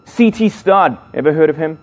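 Middle-aged male youth preacher, slightly high voice, jokes and builds emphasis. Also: animated, moderate pace. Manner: playful, jokes with the audience, emphatic build-ups. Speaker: speaker at a youth gathering. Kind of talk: sermon to young people.

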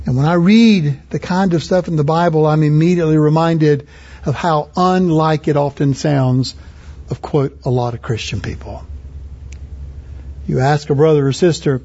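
A man preaching with a high, husky voice. He talks earnestly and conversationally, climbing higher when he drives a point home, on a dull, muffled recording. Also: normal speed, warm tone. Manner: earnest and conversational, rising in pitch for emphasis. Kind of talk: sermon.

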